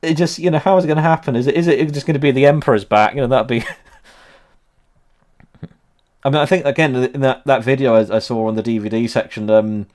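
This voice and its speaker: Man, thirties, livestream host, rambling, filler-heavy, laughs a lot, mid pitch. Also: steady tone, quick pace, darkish tone. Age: 30s. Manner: rambling with many ums, laughs often. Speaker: history channel host. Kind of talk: casual livestream chat.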